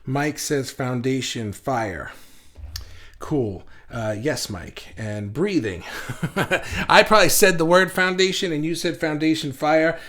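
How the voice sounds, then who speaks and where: A man's voice: fairly high pitch, slow, fairly bright tone. A man hosting a live online session, talking loosely with many fillers and restarts as he reads viewer comments aloud. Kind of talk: casual livestream talk, reading comments aloud.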